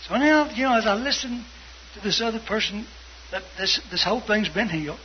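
An older man preaching a testimony, fervent and storytelling, swinging between loud and hushed. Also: extremely high pitch, brisk. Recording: dull lo-fi broadcast with faint hiss.

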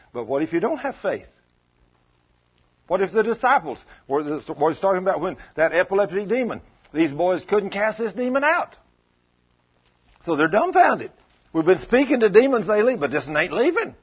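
A man with a high-pitched, breathy-edged voice preaches a sermon, telling stories emphatically in a folksy manner. The recording sounds dull and lo-fi.

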